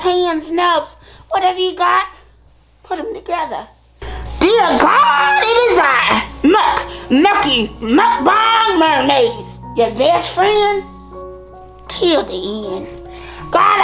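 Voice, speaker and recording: A mischievous mermaid woman, played by a performer hosts a comedic mukbang skit. Her voice is pitched very high and squeaky, with a gravelly crackle running through it. She drawls slowly and slips into sing-song rhyming prayers. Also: sharp tone, full character voice. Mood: playful prayer. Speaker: mukbang show host character.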